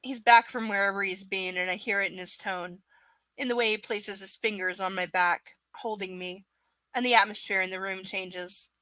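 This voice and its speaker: A woman with a steady, mid-range voice reads a novel aloud on a livestream at normal speed, her tone bright and forceful with no echo. She keeps breaking off into sarcastic, profane, exasperated rants about the characters.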